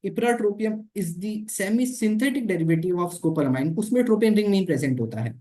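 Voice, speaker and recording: Fast-talking Indian woman teaching. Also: mid-range voice, animated, warm tone. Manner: repeats key points, explains while drawing structures. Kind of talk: exam-prep lecture mixing English and Hindi.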